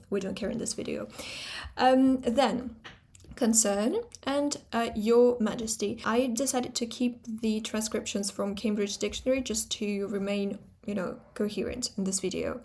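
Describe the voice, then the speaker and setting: A woman teaching a pronunciation lesson, thinking aloud with fillers and slowly repeating sounds to show them. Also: medium pitch, a little mellow. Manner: talks things through aloud, pausing on fillers and repeating sounds slowly to demonstrate. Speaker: phonetics teacher.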